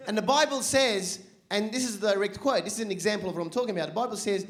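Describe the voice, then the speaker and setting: High-voiced, animated stand-up comedian. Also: male voice. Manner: animated, rapid asides, lots of swearing. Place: stage at a live comedy show.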